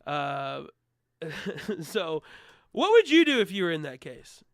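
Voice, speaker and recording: A man's voice: on the high side, wildly swooping pitch, slow pace, no room sound. A man hosting a casual comedy podcast in a studio, laughing often and restarting his sentences. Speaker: podcast host.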